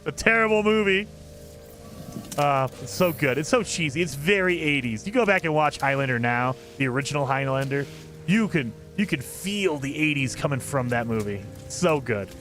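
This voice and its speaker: A man's voice: medium pitch, lively intonation, normal speed, a bit bright, faint music behind. A man streaming a video game, chatting casually and rambling with enthusiasm, often laughing at himself. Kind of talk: casual chat while gaming.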